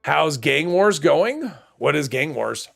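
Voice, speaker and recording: A man's voice: a little high, sing-song, slow, gravelly, fairly bright tone, faint music behind. A man streaming a video game, rambling and thinking aloud in casual commentary, with a stuffy nose. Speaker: gaming streamer.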